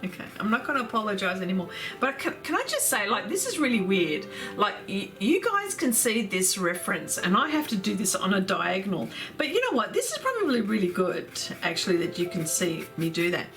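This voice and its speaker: A woman, hosting an art livestream in casual chat, effusive and quick to laugh while reading viewer comments aloud. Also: medium pitch, very animated, a bit bright, soft background music.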